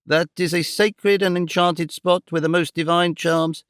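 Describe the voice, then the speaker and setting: A man's voice: a little high, steady tone, a little slow, fairly bright tone, clean tone, no room sound, studio quality, voice pushed up. A man voicing an eccentric, flowery old male neighbour in an audiobook reading. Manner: flowery, theatrical, drawn out.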